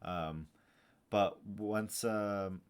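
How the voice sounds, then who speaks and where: A man's voice: lowish voice, fairly even intonation, drawn-out words, smooth. A man hosting a podcast interview and chatting casually as a fellow veteran, rambling and swearing freely. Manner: loose, profane, rambling storytelling.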